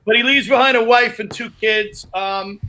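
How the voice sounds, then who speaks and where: A comedian co-hosting a relaxed podcast, his voice high-pitched and bright. He rambles through his stories with restarts and asides. The talk is casual and chatty. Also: moderate pace, a little hiss or hum. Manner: loose, rambling storyteller with restarts. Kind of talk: casual chat.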